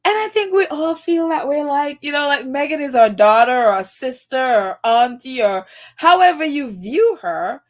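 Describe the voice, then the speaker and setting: A New York woman hosts a live stream, gushing and laughing until she's close to tears as she reads viewer comments aloud. Her voice sits high and expressive, at a normal speed.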